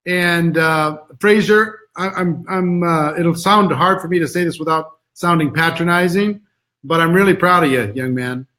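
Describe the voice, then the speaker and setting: A man's voice: on the high side, normal speed, pushed and bright. A middle-aged man with an American accent, a guest on a live stream over a video call, speaking in an earnest, encouraging way and repeating words as he searches for them. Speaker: interview guest. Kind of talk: motivational talk on a live stream.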